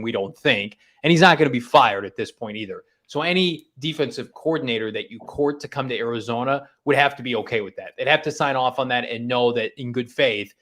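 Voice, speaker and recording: A man's voice: mid-range voice, fairly bright tone. Man talking sports odds. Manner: analytical, talks through betting odds with restarts. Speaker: sports show co-host. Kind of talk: casual sports talk.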